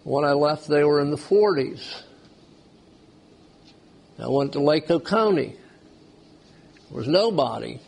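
A man's voice: on the high side, expressive, measured pace, creaky, long pauses. A man preaching a sermon, asking the congregation questions as he goes. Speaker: pastor.

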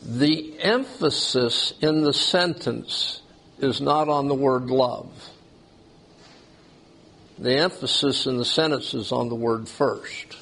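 Slow gravelly preacher. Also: male voice, medium pitch, fairly bright tone. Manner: slow, questioning the congregation. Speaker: pastor. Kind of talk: sermon.

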